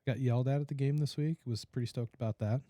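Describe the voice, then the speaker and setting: A man's voice: mid-range voice, steady tone, quick pace, mellow, no echo, studio quality. A middle-aged man hosting a casual podcast chat, telling stories and laughing as he acts out what others said. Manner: laughing storyteller, acts out quotes. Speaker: podcast host.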